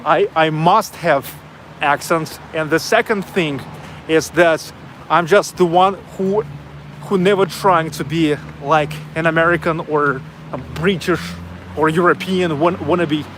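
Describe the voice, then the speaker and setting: A man with a heavy Russian accent, native Russian speaker, hosting a vlog in blunt, halting English outdoors in a city. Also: on the high side, steady tone, fairly bright tone, slight background noise. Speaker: vlogger host. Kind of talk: casual chat.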